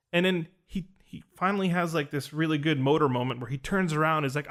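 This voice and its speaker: Man, casual storytelling, animated, quotes dialogue, fairly high voice. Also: quick pace, hardly any pauses. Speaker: podcast host recounting an experience.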